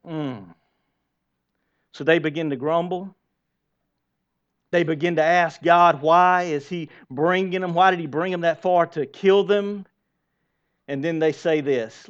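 A man in his forties preaching a sermon in a conversational way, asking the congregation questions and swinging between loud emphasis and hushed asides. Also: a little high, unhurried, pauses often, clean tone, highs cut off. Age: 40s. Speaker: pastor.

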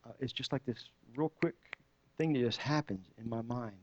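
At a church service, a man with a mid-range voice and moderate pace shares his personal testimony loosely and conversationally, often restarting his sentences. The recording is dull and muffled.

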